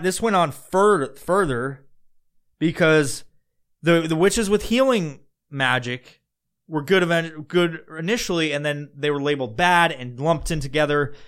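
A man's voice: fairly high pitch, fairly bright tone, clean tone. Profane rambling male podcast host. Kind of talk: casual storytelling.

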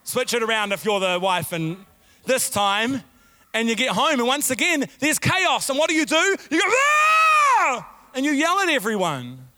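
A man preaching a sermon as pastor, animated, with sudden shouted outbursts and repeated phrases. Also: extremely high pitch, moderate pace.

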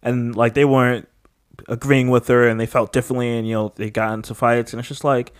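Male co-host, casual and rambling, laughs easily, mid-pitched voice. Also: flat delivery, a little fast, clear, resonant tone. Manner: laid-back, rambling, laughs often. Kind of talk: casual chat.

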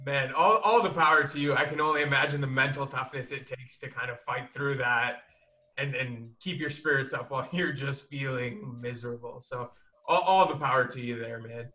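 Bright-voiced male podcast co-host. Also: mid-range voice, normal speed, distant mic, faint music behind. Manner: supportive, leads with gentle questions. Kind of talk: casual interview chat.

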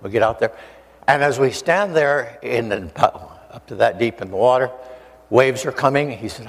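An older man preaches by telling a personal story, animated and playful, acting out the people in it. His voice sits in the middle range and rings through a hall with a long reverb. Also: medium pitch, normal speed. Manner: animated storyteller, acts out voices, jokes with audience. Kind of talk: storytelling testimony sermon.

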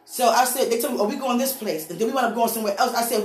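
A woman preacher giving a lively, storytelling testimony, laughing often as she speaks. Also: a little high, fast, hardly any pauses. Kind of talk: church testimony sermon. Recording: echoey room with faint music.

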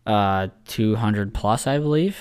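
Low-voiced, profane rambling podcast guy. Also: a little slow, clear, resonant tone, no room sound, studio quality. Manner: rambling, profane, lots of "like" fillers. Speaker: podcast co-host. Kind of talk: casual sports chat.

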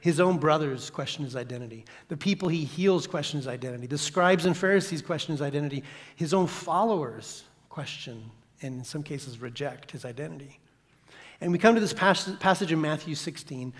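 A guest preacher, a man, delivers his sermon with a slightly high voice. He swings between loud, emphatic lines and hushed, whispered repetitions. A long reverb from the church hall trails every phrase. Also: fairly quick. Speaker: guest pastor.

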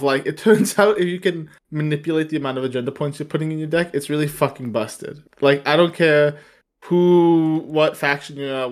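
A man from Canada co-hosting a podcast, talking in a rambling, animated way and swearing freely. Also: on the high side. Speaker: podcast co-host. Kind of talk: casual chat.

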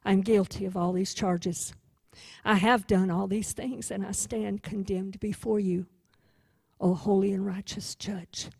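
A woman voicing a guilty female defendant who quietly confesses in a low, contrite voice. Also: fairly even intonation, unhurried, gravelly, slightly rough, no room sound.

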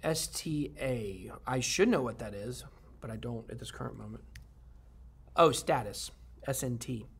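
A man's voice: mid-range voice, a little slow, vocal fry, slightly rough. A man hosting a crypto video, talking casually to viewers in a rambling, upbeat way with many fillers and restarts.

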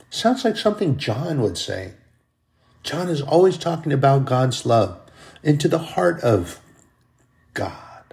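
Male pastor, mid-range voice with gravel, earnest repetitive sermon delivery. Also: mid-range voice, big pitch swings, unhurried, pauses often, darkish tone. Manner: earnest, repetitive preaching cadence.

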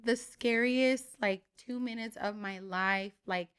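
An animated young woman co-hosting a casual podcast, her voice sitting a little high. She tells stories full of "like" and frequent swearing. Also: slow, smooth. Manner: animated storytelling, lots of "like" and swearing. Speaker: podcast co-host. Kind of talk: casual chat.

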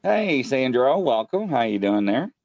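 Gravelly excitable man hosting a paranormal stream. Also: mid-range voice, unhurried, dry recording. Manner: excitable storyteller, acts out quotes. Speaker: paranormal show host. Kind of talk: casual live-stream chat. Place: home studio. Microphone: desk mic.

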